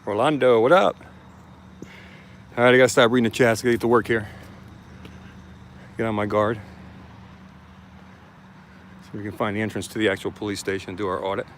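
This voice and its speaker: A man's voice: lowish voice, little pitch movement, fast talker, long pauses, a little hiss or hum. A man chatting casually on a live stream outdoors, greeting viewers by name as he walks around a police station, filming with a handheld camera. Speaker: live-streaming first amendment auditor.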